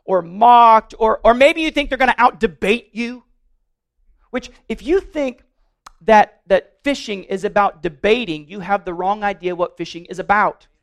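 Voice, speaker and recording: A married adult pastor with a notably high voice preaches a sermon to his congregation at normal speed. He's earnest yet loose, stumbling over and repeating words, and slips in playful humor.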